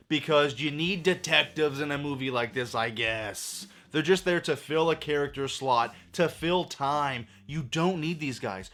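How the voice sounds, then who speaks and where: A man's voice: a little high, a bit bright. Guy ranting about a movie he hated, sarcastic and sweary, voice bouncing up and down. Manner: sarcastic and profane. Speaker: movie reviewer. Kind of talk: ranting spoiler review.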